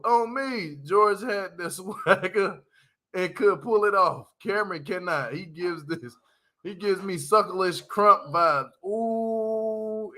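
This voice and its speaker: A man with a noticeably high speaking voice, talking in a casual livestream commentary. His delivery is loose and slangy, and he often breaks into laughter. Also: sharp tone. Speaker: reality show recap host.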